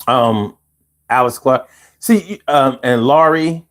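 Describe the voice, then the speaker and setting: A man's voice: mid-range voice, slow pace, fairly bright tone. A man hosting a live stream, ranting casually and with lots of swearing while he talks straight to the viewers in chat. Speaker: livestream host.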